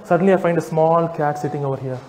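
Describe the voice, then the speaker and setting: Man, high voice, animated persuasive speaker, hall reverb. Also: fast. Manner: animated, teasing, rhetorical questions to the audience. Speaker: speaker addressing a live audience. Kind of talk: persuasive public talk. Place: large hall with audience. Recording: echoey hall, faint background noise.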